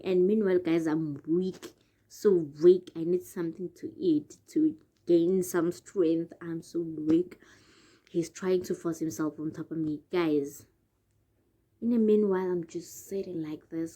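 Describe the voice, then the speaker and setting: Mellow-voiced South African woman vlogger. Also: deep voice. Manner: chatty, addresses viewers as guys. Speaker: YouTuber. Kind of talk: casual storytime vlog.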